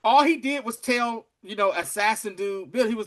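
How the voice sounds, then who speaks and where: A man co-hosting a casual TV recap podcast, laying out a theory and acting out what characters said in a lower voice. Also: moderate pace, fairly bright tone. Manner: storytelling, acts out quoted characters in a low voice. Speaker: podcast co-host.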